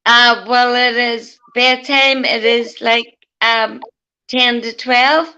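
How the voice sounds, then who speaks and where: A woman with a Northern Irish accent, chatting casually as a panel guest in a rambling, warm way that includes casual swearing. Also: fairly high pitch, little pitch movement, takes it slowly, clear, resonant tone, lo-fi sound. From Northern Ireland. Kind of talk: casual chat.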